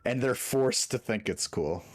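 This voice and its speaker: A man narrating as game master for a tabletop game, relaxed and halting with fillers. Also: mid-range voice.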